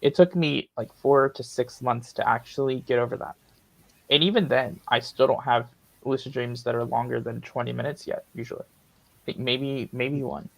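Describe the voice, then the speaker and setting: A man's voice: medium pitch, steady tone, normal speed, creaky, a bit bright, rough recording. A young man hosting a live Q&A stream, answering chat questions in a blunt, direct way. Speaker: host of a lucid dreaming Q&A stream. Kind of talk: casual livestream chat.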